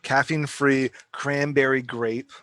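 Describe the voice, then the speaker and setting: A man's voice: mid-range voice, flat delivery, unhurried, a bit bright, no echo. A man hosting a casual roundtable podcast over a remote call, swearing and easily exasperated. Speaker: podcast host.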